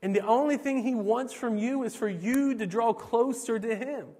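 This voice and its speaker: Pastor guy from pennsylvania preaching, kinda high voice, earnest and repetitive, big echo. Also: moderate pace, warm tone. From Pennsylvania, USA. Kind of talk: sermon. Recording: long hall reverb.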